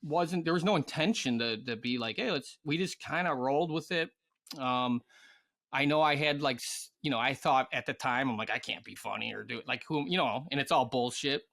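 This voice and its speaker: A man's voice: medium pitch, normal speed. A man who is a former pro hockey player, telling casual stories as a podcast guest, full of fillers and swearing. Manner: animated, swears freely, many fillers. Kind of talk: casual storytelling chat.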